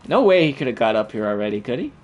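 A man's voice: medium pitch, big pitch swings, racing, highs cut off. Profane trash-talking male gamer. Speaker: gaming channel host. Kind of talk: gameplay commentary.

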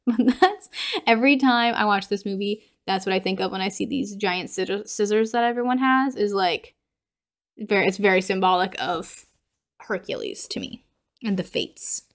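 A woman's voice: mid-range voice, normal speed. A young adult woman hosting a podcast, casually retelling a horror movie scene by scene, laughing often and acting out the characters' lines. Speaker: podcast host.

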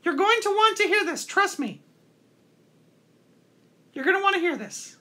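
A squeaky toilet paper puppet host. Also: male voice, very animated, normal speed, sharp tone, exaggerated voice. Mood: cheerful. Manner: chatty, upbeat, playful. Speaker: host of a call-in show. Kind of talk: live stream call-in chat.

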